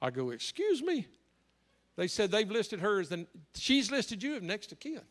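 A man's voice: sits high, very animated, moderate pace, fairly bright tone. A male pastor preaching a story-driven sermon, impassioned and swinging between solemn and joking.

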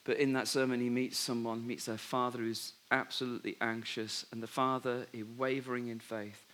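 A man preaching a sermon, telling a Bible story with lively asides and dropping softly when he gives God's words. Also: mid-range voice, normal speed. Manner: animated storytelling, drops to soft voice for God's words. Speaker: pastor.

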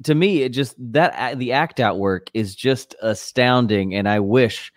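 A man in casual chat, reacting to a clip with halting restarts and chuckles. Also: medium pitch, no room sound, clean studio sound.

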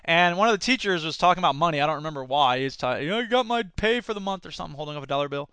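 A high-voiced man hosts a casual commentary podcast, chatting in an animated way and often restarting his sentences. His tone is bright and edgy, and the recording is close and dry with no room sound. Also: very fast, clean tone, no room sound. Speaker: podcast host and teacher.

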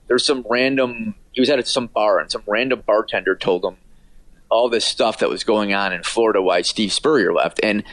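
A man's voice: fairly low pitch, normal speed, fairly bright tone, dry recording. A man, an author and radio producer, telling anecdotes casually as an interview guest, with many fillers and restarts.

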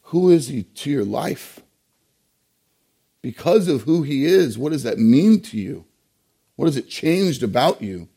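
A male pastor delivering a sermon in a mellow, darker voice. He leans on key words and poses rhetorical questions to the congregation, pausing to let them land. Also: medium pitch, very animated, vocal fry, slightly rough. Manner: emphatic preaching with rhetorical questions and pauses.

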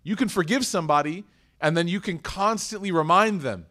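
Animated man giving a religious lecture. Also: sits high, a little fast. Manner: animated, asks the audience questions and acts out quoted voices. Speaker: Islamic lecturer. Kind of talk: lively religious lecture to a live audience.

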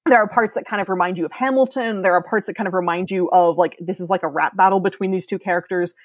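A woman's voice: fairly low pitch, fast talker, dry recording. A woman in her thirties, a podcast guest, explaining ideas eagerly in casual chat and laughing often.

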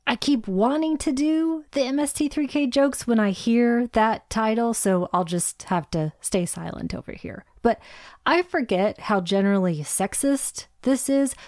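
A woman co-hosting a casual film podcast, chatty and opinionated, quick with a joke. Her voice sits in a middle pitch. The sound is dry and close, with no room echo. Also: a little mellow. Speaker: podcast co-host. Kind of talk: casual film review chat.

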